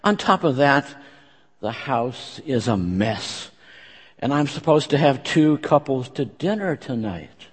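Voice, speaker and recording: A man's voice: medium pitch, very animated, slow, husky, heavily acted. A man voicing an overwhelmed young housewife, pleading, her voice rising as she tells her troubles, heard in a church with long reverb. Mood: tearful.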